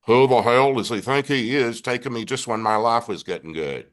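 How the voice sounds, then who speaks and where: A man's voice: mid-range voice, moderate pace, voice pushed up, close to an everyday voice. An older man voicing the angry spirit of a young man from the rural American South, with a rural Georgia accent. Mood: furious. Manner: gruff, bitter and pleading.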